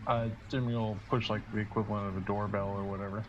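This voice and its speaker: A man's voice: on the low side, little pitch movement, fast, noisy background. A man playing a tabletop game over an online call, describing his character's moves hesitantly with many fillers. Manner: hesitant, full of uh and like. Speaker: player. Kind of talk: casual tabletop play. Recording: dull lo-fi voice chat.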